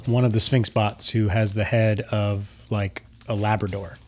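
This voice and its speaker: A man narrating a tabletop game as game master, in a relaxed, hesitant way. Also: fairly low pitch, unhurried.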